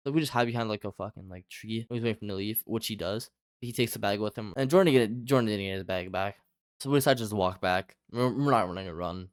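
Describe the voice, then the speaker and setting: Young male storyteller, talks fast and loose with constant fillers and cursing. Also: lowish voice, dry recording, studio quality. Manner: rambling, heavy filler "like", lots of swearing. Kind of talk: casual storytime chat.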